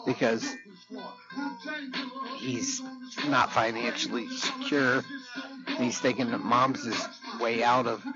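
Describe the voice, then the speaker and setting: Tipsy fifty-year-old man ranting. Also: mid-range voice. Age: 50s. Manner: profane, rambling, emotional. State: tipsy from drinking. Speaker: host of a weekly rant show. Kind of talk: rambling personal rant. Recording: dull lo-fi recording with music behind.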